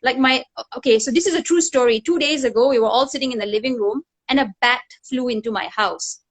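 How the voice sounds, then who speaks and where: A middle-aged woman hosting a conversational interview over a video call, telling stories in an animated way and laughing often. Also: a little high, quick pace. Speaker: talk show host.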